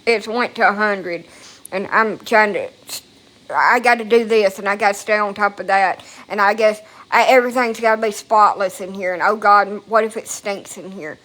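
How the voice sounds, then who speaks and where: A woman's voice: medium pitch, moderate pace, fairly bright tone. Rambling, emotional woman vlogging at home. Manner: rambling, emotional, swears freely. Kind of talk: casual rambling monologue. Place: at home, indoors.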